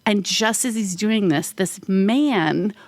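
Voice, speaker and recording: A woman co-hosting a podcast, telling a casual story full of "like" fillers and acting out quoted voices with big jumps in pitch. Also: takes it slowly, no room sound. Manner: frequent "like" fillers. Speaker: podcast co-host.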